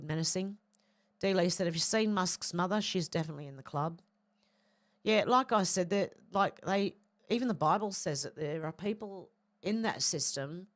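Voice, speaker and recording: A woman with a lowish, throaty voice reads viewer comments off her livestream chat. She answers each one with chatty asides and clears her throat now and then. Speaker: livestream host reading chat. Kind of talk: casual chat, reading viewer comments aloud.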